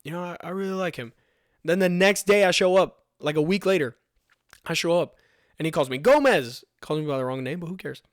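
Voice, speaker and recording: A man's voice: on the high side, expressive, fairly quick, dry recording, studio quality. A young man hosting a podcast about his fire recruit training, giving an earnest, emphatic motivational talk that repeats rallying commands.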